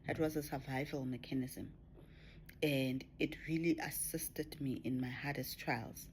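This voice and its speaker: Low voiced woman talking spiritual stuff, soft whispery bits, faint hiss behind. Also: fairly even intonation, unhurried. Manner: reflective, drifts into soft whispers and laughs. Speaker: spiritual vlogger. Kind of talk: personal spiritual talk to camera.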